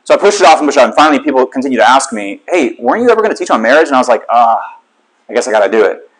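A man speaks as a lay teacher, opening a sermon with a candid, conversational story. His voice sits at a medium pitch, and his delivery is plain and unpolished. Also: expressive, very fast, husky, poor audio.

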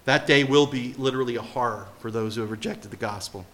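Speaking quickly in a mid-range voice, a man preaches with animation. His delivery alternates between soft and loud, and he often turns to his listeners with questions.

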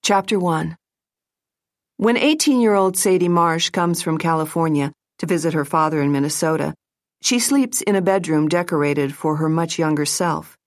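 Her voice is deep as she narrates an audiobook at an even, measured pace. The sound is studio quality, with no room sound at all.

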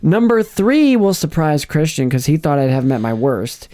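A man's voice: on the high side, very animated, moderate pace, mellow. A man hosting a casual chat, rambling and restarting his sentences, laughing often. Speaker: podcast host. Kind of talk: casual chat, ranking movie villains.

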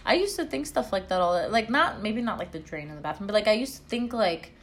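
A woman's voice: quick pace, slight background noise. A young woman and mother chatting casually on a vlog, telling childhood stories and acting out the voices. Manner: animated storyteller, acts out voices with big pitch jumps. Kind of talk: casual chat.

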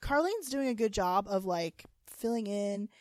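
A woman podcast co-host chatting about a TV season with a lively voice that swoops up and down. She reacts quickly and offers opinions, recorded close and dry. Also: mid-range voice, no echo. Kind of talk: casual chat.

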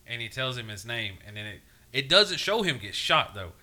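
A married man in casual chat recapping a series, emphatic and swearing, loudly mimicking the characters. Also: medium pitch, very animated, normal speed. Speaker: podcast co-host.

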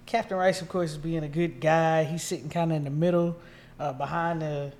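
A man co-hosting a casual chat, narrating a travel mishap in a relaxed way. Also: fairly high pitch, fairly quick, slight background noise. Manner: relaxed storyteller, quotes people as he goes. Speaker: podcast co-host.

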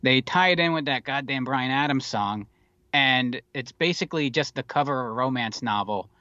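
Male podcast co-host, casual and rambling, profane asides, crisp dry close sound. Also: mid-range voice, normal speed, bright, forceful tone, dry recording, muffled recording. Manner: rambling, wry and profane, with many fillers. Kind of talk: casual movie chat.

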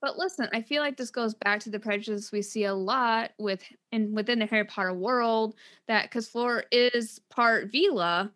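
A woman co-hosting a casual book-talk show, lively and acting out characters' lines as she recaps. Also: fairly high pitch, moderate pace, few pauses. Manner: animated, acts out characters' lines. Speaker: podcast co-host.

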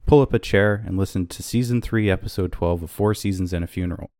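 A man's voice: low voice, fast, few pauses, warm tone, no echo, faint music behind. A man hosting a podcast, joking around with his co-hosts in casual banter. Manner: playful, jokey, mock-welcoming. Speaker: podcast host.

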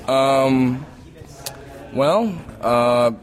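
A man's voice: medium pitch, lively intonation, very slow. A man interviewed as an actor on a film set, chatting casually and joking about himself. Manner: joking, self-mocking. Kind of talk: casual behind-the-scenes chat.

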